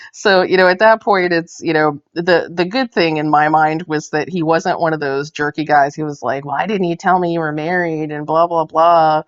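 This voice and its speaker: A woman's voice: deep voice, fairly even intonation, normal speed. A woman knitting vlogger telling a story in casual chat while she knits on camera. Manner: chatty, tells anecdotes while knitting on camera. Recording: dull lo-fi sound.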